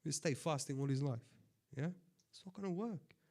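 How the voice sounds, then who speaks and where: A man who is a sheikh giving a conversational sermon, swinging between loud impassioned appeals and quiet asides. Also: fairly high pitch, moderate pace. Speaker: sheikh giving a religious talk.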